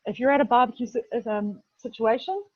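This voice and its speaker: Animated and brisk, a woman with a rather high voice and a New Zealand accent teaches a laid-back webinar as a video production head. She's chatty, leans on fillers, and says "literally" again and again. The lo-fi video-call sound is dull and dry, with no room sound.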